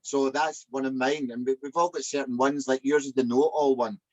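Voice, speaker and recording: A man's voice: medium pitch, fairly even intonation, brisk, a little mellow, no echo, muffled recording. A male co-host in casual podcast chat, asking long conversational questions.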